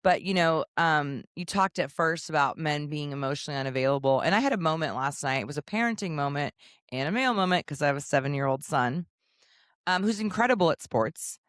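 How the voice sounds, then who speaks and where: A woman co-hosting a podcast, telling a parenting story in an animated, casual way and acting out voices. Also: low voice, a little fast, no room sound, studio quality. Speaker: podcast co-host. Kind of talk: casual chat.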